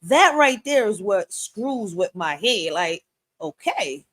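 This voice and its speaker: A woman hosting a live stream, giving blunt and passionate commentary that rises to loud outbursts. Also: mid-range voice, expressive, slow, dry recording.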